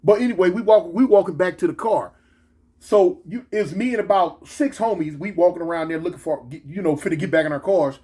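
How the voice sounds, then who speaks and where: A man telling a story in a casual, slangy, animated way. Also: high voice, a little fast, husky. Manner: animated, slangy, switches into excited quoted voices.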